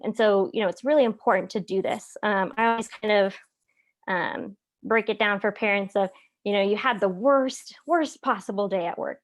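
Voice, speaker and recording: A woman therapist presenting a parenting webinar in a conversational way, with many "um"s and frequent "right?" check-ins. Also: medium pitch.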